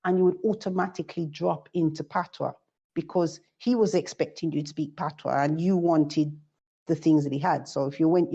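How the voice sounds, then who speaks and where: A woman's voice: sits low, dark tone, slightly rough. A woman from the United Kingdom, a guest sharing reflective stories in casual chat. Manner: reflective, storytelling. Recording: dull lo-fi audio.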